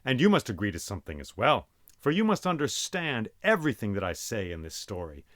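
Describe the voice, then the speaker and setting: A man voicing an old male sage and poet who lays down terms in a firm, measured way. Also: fairly low pitch, huge pitch swings, fairly bright tone, dry recording, studio quality.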